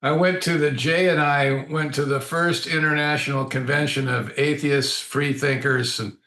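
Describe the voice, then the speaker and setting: A man's voice: on the high side, steady tone, normal speed, bright, forceful tone, reverberant. A man who is a guest on a podcast, chatting casually and telling anecdotes.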